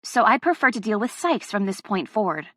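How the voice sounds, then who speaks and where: A woman's voice: mid-range voice, sing-song, a little fast, bright, forceful tone, dry recording, clean studio sound. A woman narrating a first-person audiobook, with a heated, emotionally charged delivery.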